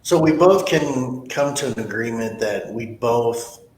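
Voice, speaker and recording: A man's voice: lively intonation, unhurried, darkish tone. A man hosting a podcast interview, talking bluntly and motivationally with stories from his own life. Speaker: podcast host, sales trainer. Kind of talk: casual interview talk. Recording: echoey room with faint rumble.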